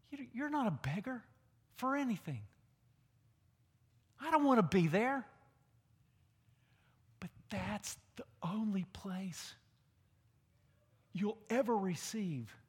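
High-voiced dramatic male preacher. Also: husky. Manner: dramatic, swings from loud calls to whispers. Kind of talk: sermon. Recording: long hall reverb.

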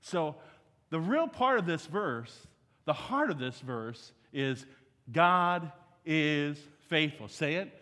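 A man's voice: fairly high pitch, sing-song, slow, a bit bright. A middle-aged man preaching a sermon as guest speaker, emphatic and calling the congregation to repeat after him. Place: church sanctuary. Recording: church hall reverb.

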